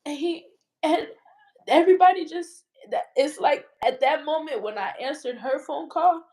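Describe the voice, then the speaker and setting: A woman's voice: high-pitched, moderate pace, a little mellow, low-quality recording. A woman being interviewed, telling a personal story in a rambling, emotional way with many fillers. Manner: rambling, emotional retelling full of "like". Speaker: interview guest.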